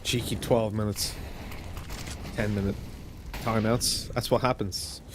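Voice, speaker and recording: A man's voice: fairly low pitch, steady tone, slow, a little hiss or hum. A man giving color commentary on an esports match with teasing, playful banter. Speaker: esports co-caster.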